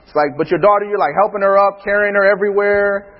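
High husky dad telling church stories, lively, echoey hall, kinda muffled. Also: male voice, quick pace. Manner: animated storyteller who acts out his family's lines and laughs often. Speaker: father speaking alongside his wife. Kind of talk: church talk on parenting with anecdotes.

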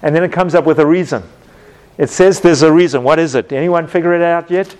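A man teaching a Bible class, telling everyday stories with lively acted-out moments and questions to his students. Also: on the high side, fairly quick, smooth. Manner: animated storytelling, acts out scenes with sound effects.

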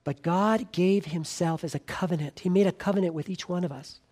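A man preaching a sermon in an earnest way, rising to emphatic lines and dropping to quiet, soft appeals, with frequent restarts. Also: high voice, fairly quick.

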